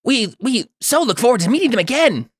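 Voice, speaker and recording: Man playing a bird mimic putting on a high, squirrely, excitable little voice, way up above his own pitch. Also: a little fast, husky, no echo, clean studio sound, heavily acted. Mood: eager.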